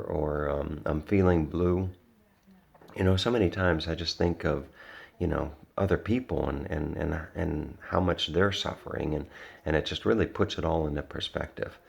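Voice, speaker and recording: A man with a very deep voice talks casually to the camera, winding through a story with plenty of pauses and "uh"s. His tone is gravelly and low, and he comes across as earnest and reflective. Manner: rambling, many restarts and fillers. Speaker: vlogger.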